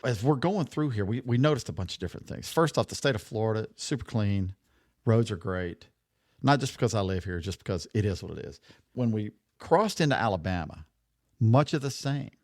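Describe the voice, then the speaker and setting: Low-voiced swearing podcast co-host, man. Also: animated, brisk, darkish tone, dry recording, studio quality. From Louisiana. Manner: loose, swearing storyteller. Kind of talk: casual profane chat.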